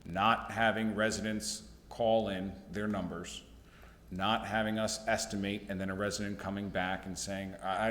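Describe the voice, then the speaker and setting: A man talks through utility plans at a town committee meeting, earnest and a little halting. His voice sits low. The sound is roomy, with a long hall reverb. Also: slight background noise. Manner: earnest, halting with fillers and restarts. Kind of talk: explaining at a public meeting.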